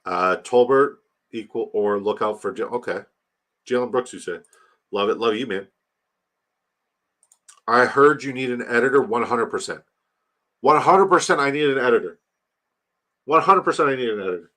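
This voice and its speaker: A man's voice: medium pitch, normal speed, long pauses, pushed and bright. A man hosting a livestream, chatting loosely, swearing and talking straight to his chat. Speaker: livestream host. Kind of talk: casual chat.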